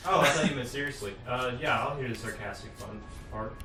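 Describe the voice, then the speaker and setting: A man playing a game with friends, teasing them with quick comebacks. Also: medium pitch, sharp tone, faint music behind. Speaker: player. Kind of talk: casual gaming chat. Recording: distant echoey mic with hiss.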